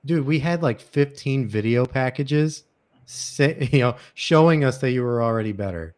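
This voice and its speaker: A man's voice: medium pitch, expressive, moderate pace, darkish tone. A young man hosting a podcast in casual chat, rambling and opinionated, his voice cracking from a dry throat. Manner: rambling, opinionated, with many fillers and restarts. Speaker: podcast host.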